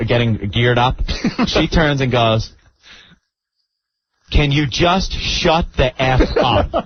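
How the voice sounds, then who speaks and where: A male radio host telling a story in an animated, mock-dramatic way, on a muffled radio broadcast with faint hiss. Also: mid-range voice. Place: radio studio.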